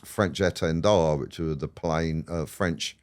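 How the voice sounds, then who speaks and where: A man's voice: very deep voice, steady tone, slow, darkish tone. A man, a podcast guest rambling through stories, swearing and laughing as he goes. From England. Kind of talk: casual storytelling interview.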